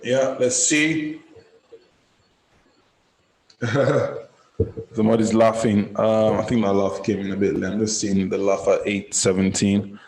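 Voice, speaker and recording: A man from Nigeria coaching forex traders, chatting casually and giving upbeat shout-outs on a live group call. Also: fairly low pitch, fairly even intonation, takes it slowly, long pauses. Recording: roomy echoey sound.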